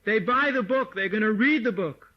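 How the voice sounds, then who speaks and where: Animated high-voiced man lecturing on old tape. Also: normal speed. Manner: animated, mimics voices, laughs often. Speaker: swami giving a lecture. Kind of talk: informal lecture to devotees. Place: meditation hall or farmhouse room. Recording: dull lo-fi 1979 tape recording.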